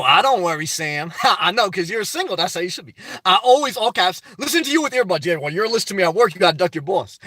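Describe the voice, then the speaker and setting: High-voiced upbeat man reading chat. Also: fairly bright tone, no room sound. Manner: upbeat, talkative, affectionate, blunt and direct. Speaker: vlogger hosting a live chat. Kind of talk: casual live-stream chat, reading viewer comments aloud.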